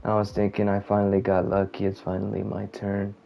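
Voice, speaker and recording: A man casually venting about his life while playing a game, rambling and halting, often trailing off quietly. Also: fairly low pitch, monotone, gravelly. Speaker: gamer venting. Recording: muffled lo-fi audio with faint game music.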